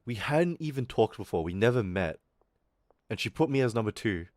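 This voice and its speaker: Lively, low-voiced young man telling stories. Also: normal speed, dry recording, studio quality. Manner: animated, swearing, laughing storyteller. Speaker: streamer. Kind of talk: casual storytelling rant.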